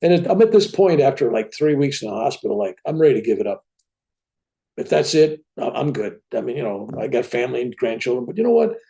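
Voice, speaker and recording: A man's voice: medium pitch, very animated, fast, vocal fry, warm tone. An older man telling a personal story as an interview guest, acting out the dialogue as he goes.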